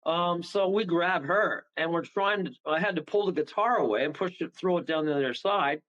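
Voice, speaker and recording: A man telling a story as a guest medium on a radio talk show, animated and rambling, acting out the voices of the people in it. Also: on the high side, normal speed, muffled recording. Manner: animated, rambling, acts out voices, chuckles often.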